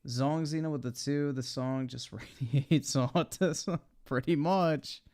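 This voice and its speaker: A man's voice: a little high, slow, darkish tone. A young man giving blunt, profane live-stream commentary while he watches videos.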